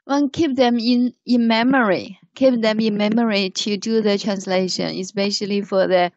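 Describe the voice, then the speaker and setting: A woman's voice: mid-range voice, fairly even intonation, moderate pace, darkish tone, no room sound, dull audio. A woman, teaching as she patiently corrects pronunciation and reads a text aloud. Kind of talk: language lesson, reading aloud.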